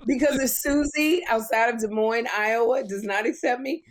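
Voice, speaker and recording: Over crowd noise, a middle-aged talk show host speaks at normal speed in a slightly high voice. Animated and casual, she tells stories and performs the quoted voices herself, still a bit winded.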